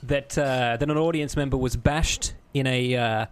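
A man's voice: medium pitch, steady tone, moderate pace, smooth. A man co-hosting a podcast in casual chat, loose and profane, laughing often. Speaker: podcast co-host.

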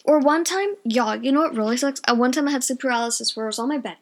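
A woman's voice: sits high, fast talker. A young woman, chatting casually at home in her bedroom and rambling through a personal story, often losing her train of thought. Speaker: vlogger.

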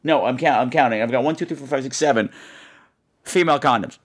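A man hosting a podcast, telling a funny story with animated, exaggerated delivery and quick asides. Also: mid-range voice, slightly rough. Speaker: podcast host. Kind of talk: comic storytelling.

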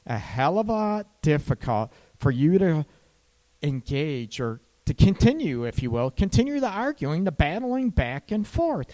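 Chatty man giving relationship advice. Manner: conversational, repeats points, asks "right?" often; drops low and soft when acting out calm lines. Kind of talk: casual advice monologue to camera.

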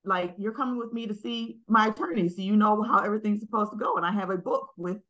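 A woman's voice: mid-range voice, fast talker, a bit bright, dull audio. A middle-aged woman co-hosting a podcast, speaking in an earnest, reflective way. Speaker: podcast co-host. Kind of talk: casual chat.

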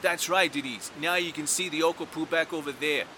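An actor playing a chatty zoo train conductor giving folksy, rambling tour patter. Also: male voice, a little high, moderate pace, pushed and bright, slight background noise.

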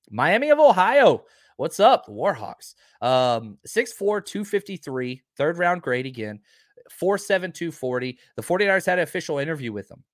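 A man talks fast and emphatically as he hosts a casual live show, answering his viewers as they come in. His voice sits in an ordinary middle pitch. The sound is dry and close to the mic, with no room echo. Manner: energetic, emphatic, reads viewer comments. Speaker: podcast host. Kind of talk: casual live-stream chat.

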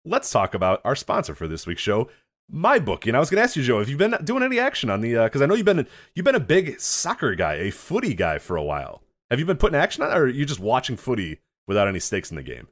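A man's voice: medium pitch, quick pace. A man co-hosting a podcast, teasing his partner and laughing often. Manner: teasing, laughs a lot, animated. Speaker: podcast co-host. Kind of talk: casual chat.

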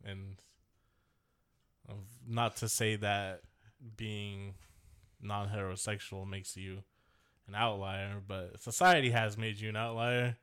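A man's voice: on the low side, flat delivery, slow, long pauses, a bit bright, smooth. A man co-hosting a podcast in casual, rambling chat, with lots of fillers and swearing. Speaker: podcast co-host.

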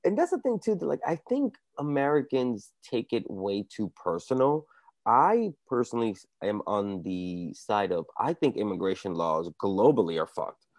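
Man, from the Dominican Republic, very deep voice, dry close sound, earnest storytelling, casual chat. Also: big pitch swings, normal speed, darkish tone, no room sound. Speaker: comedian guest. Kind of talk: casual conversation.

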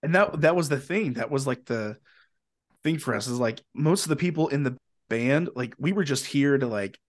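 A young man from Indiana, a podcast guest and musician, telling stories in a rambling, animated way and swearing freely. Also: medium pitch, moderate pace. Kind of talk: casual storytelling.

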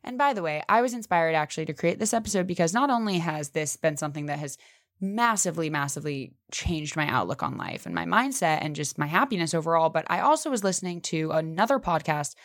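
A woman's voice: quick pace, dry recording, studio quality. A young woman hosting a casual motivational podcast, talking emphatically and swearing casually. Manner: emphatic, swears casually, animated pitch jumps. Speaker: podcast host.

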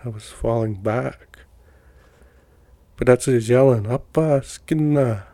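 A middle-aged man tells his own stories in a loose, folksy ramble, full of fillers and restarts. His voice sits mid-range and sounds relaxed and mellow. The recording is dry and close. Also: mid-range voice, unhurried, no echo. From Montana. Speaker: podcast guest telling personal stories. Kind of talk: casual storytelling.

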